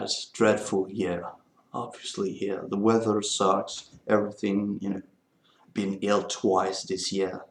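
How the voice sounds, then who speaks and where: A man's voice: lowish voice, echoey room. A man from Belgium, a native French speaker with a Belgian French accent, rambling through a casual vlog chat. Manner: rambling, meandering talk. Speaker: vlogger.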